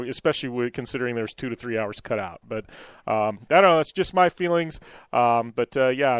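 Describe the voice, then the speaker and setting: A man's voice: medium pitch, clean tone, dry recording, studio quality. A middle-aged man hosting a radio show, telling a story in a rambling way with many fillers and restarts. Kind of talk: casual radio chat and storytelling.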